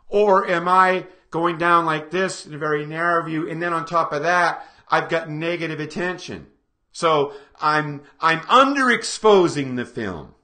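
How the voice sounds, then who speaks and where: A man presenting a seminar to a live audience, energetic and full of rhetorical questions aimed at the room. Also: on the high side. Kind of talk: live lecture to a small audience.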